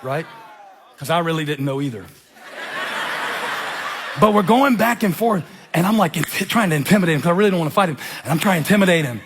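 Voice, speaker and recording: Male pastor, 40s, slightly high voice, animated self-mocking sermon storyteller. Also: fast talker, noisy background. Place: church.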